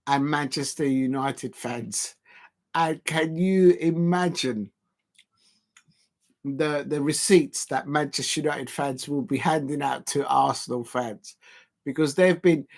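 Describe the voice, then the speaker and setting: A man hosting a casual football watch-along, rambling and laughing while lifting weights. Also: medium pitch. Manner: rambling and chatty, laughing often. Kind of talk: casual live-stream commentary.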